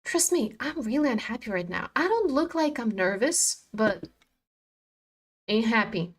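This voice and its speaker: A woman's voice: fairly high pitch, sing-song, measured pace. A woman hosting a live trading stream, chatting casually and animatedly, swearing freely and talking back at her chart.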